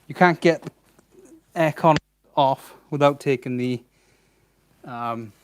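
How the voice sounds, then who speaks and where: A man's voice: mid-range voice, a little hiss or hum. Wry, muttering man fixing a car. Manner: wry, sarcastic muttering to himself. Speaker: home mechanic vlogger. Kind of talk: casual commentary while working.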